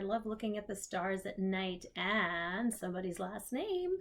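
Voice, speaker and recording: A woman teaching young children letter sounds, reading picture books aloud and sounding out each letter slowly. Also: medium pitch, very animated, creaky. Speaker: preschool teacher. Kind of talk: children's phonics lesson.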